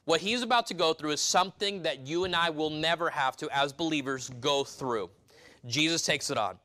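A man preaching a sermon, reading scripture slowly and earnestly, with conversational asides and frequent restarts. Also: fairly high pitch, bright, forceful tone. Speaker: pastor.

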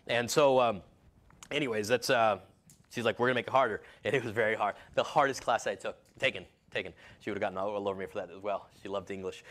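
A man's voice: medium pitch, bright, forceful tone. A man preaching a sermon in a rambling way, full of restarts and personal asides.

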